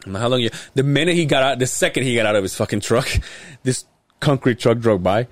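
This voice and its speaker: A podcast host with a mid-range voice talks at a quick pace, with no room sound. He tells crude, profane stories in casual chat, often breaking into laughter and doing the voices of the people in them.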